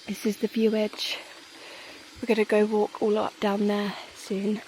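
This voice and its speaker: A woman's voice: mid-range voice, completely flat delivery, a little slow, darkish tone, slight background noise, low-quality recording. A woman in her twenties with a Northern English accent, chatting casually and upbeat as a travel vlogger outdoors, talking to a handheld camera. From England. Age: 20s. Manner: chatty, upbeat, laughs often. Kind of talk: casual vlog chat. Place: outdoors in Thai countryside.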